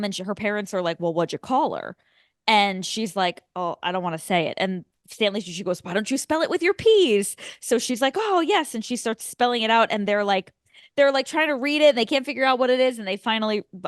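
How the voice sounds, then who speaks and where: A woman's voice: mid-range voice, no echo, studio quality. A woman co-hosting a film podcast, chatting casually and laughing often as she retells scenes. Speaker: podcast co-host. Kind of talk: casual chat.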